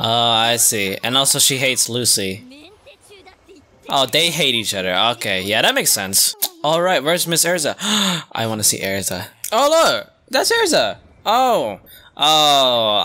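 A man hosting an anime reaction video, talking casually with lots of slang and breaking into sudden high yelps and gasps. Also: bright, forceful tone. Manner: casual slangy talk with many restarts. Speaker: anime reaction channel host. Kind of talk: live reaction commentary.

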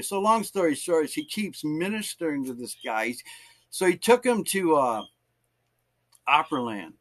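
A male pastor tells a sermon story to his church. His voice sits a little high for a man. He slips into the voices of the people in the story as he goes. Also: unhurried. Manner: animated, acts out voices in stories.

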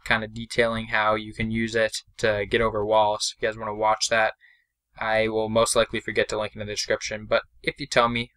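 A young man giving casual, chatty commentary over his own mobile game, excitable and self-deprecating, speaking into a desk mic. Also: fairly low pitch, clear, resonant tone. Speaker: gameplay commentator.

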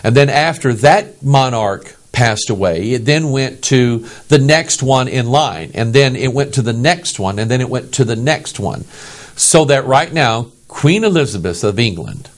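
Animated American pastor preaching. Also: male voice, medium pitch, unhurried. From United States. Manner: animated, emphatic, asks the audience "okay?". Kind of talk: sermon.

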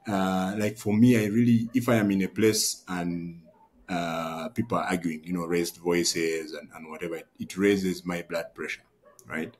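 A man's voice: deep voice, flat delivery, moderate pace, darkish tone. A man hosting a podcast, talking reflectively and thinking aloud with fillers. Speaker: podcast host. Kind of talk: casual conversation.

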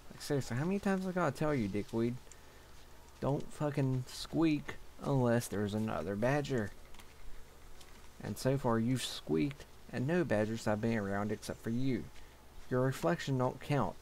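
A man's voice: mid-range voice, moderate pace, a little mellow, slight background noise. A young man giving casual gameplay commentary, grumbling and swearing to himself as he plays. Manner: grumbling, profane, talking to himself. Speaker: gaming channel host.

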